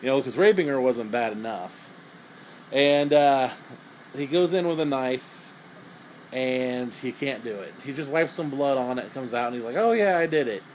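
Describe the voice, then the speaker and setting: A man's voice: medium pitch, unhurried, slight background noise, rough recording. A young man giving a crude, sarcastic, rambling comedic movie review.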